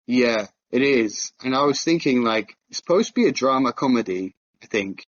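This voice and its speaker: A man on a film podcast, chatting casually and thinking out loud with fillers and restarts. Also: mid-range voice, expressive, moderate pace, no echo, lo-fi sound. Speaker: podcast co-host.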